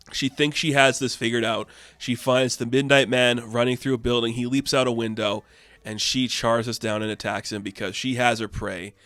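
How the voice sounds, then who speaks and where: A man casually recapping a comic issue in a rambling, excitable way, filling his talk with "like". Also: medium pitch, no room sound. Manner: rambling, heavy use of "like", excitable. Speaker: comic book reviewer.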